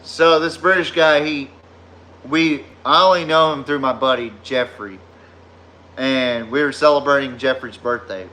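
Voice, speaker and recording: Southern drawl guy on his sports podcast, slow and rambling, cussing a lot, bright forceful voice. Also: mid-range voice. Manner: rambling, profane storytelling. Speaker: podcast host. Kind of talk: casual sports podcast chat.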